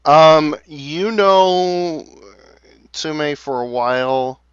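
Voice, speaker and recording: A man running a tabletop game as game master, talking haltingly with many fillers and restarts. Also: a little high, clear, resonant tone, no echo, dull audio.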